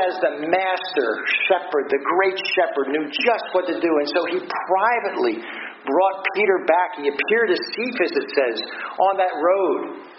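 A man preaching a sermon to a congregation, earnest and emphatic, stretching key phrases slowly and letting his pitch rise and fall. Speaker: pastor. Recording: dull roomy recording with noise.

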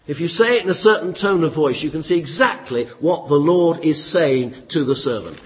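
Preacher with a lively, emphatic delivery. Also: male voice, fairly high pitch, normal speed, hardly any pauses. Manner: emphatic, lively expository preaching with dry humour. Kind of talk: sermon. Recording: muffled, echoey hall.

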